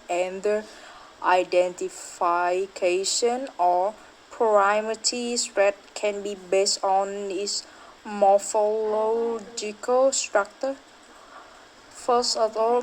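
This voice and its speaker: Young woman, student presenter, very slow, hesitant, lots of fillers, reading aloud. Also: mid-range voice, slight background noise, low-quality recording. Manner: hesitant, with frequent fillers and self-corrections.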